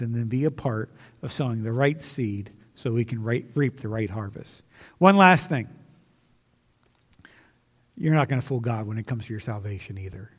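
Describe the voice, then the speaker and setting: Pastor guy preaching earnestly, middle pitch, big church echo. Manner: earnest, repetitive preaching with restarts. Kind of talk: sermon and closing prayer. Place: church sanctuary.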